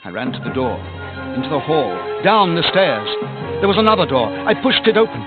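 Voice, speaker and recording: A man narrating a storybook on cassette, dramatic, sinking to a hush at the quiet moments. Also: a little high, very animated, brisk. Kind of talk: cassette audiobook reading. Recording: tinny lo-fi cassette with music.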